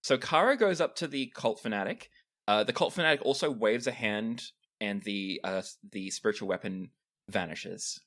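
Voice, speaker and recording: A man running a tabletop game, his narration rising and falling in pitch. He tells the action with energy and often restarts his phrases. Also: moderate pace. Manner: lively, animated narration with frequent restarts. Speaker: game master.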